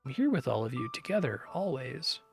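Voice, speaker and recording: A man voicing a frail, dying little girl with a high, childlike voice. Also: sing-song, a little fast, creaky, faint music behind. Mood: joyful.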